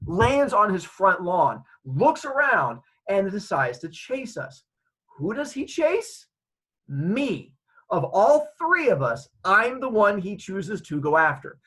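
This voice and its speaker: Male storyteller, comedic and animated, slightly high husky voice. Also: rough recording. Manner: animated, acting out scenes.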